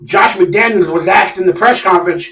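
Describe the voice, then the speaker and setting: A man's voice: high-pitched, normal speed, a bit bright, far from the mic. A man hosting a sports fan live stream, ranting casually and animatedly with sarcastic, exasperated outbursts. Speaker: sports fan channel host. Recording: echoey room, a bit off mic.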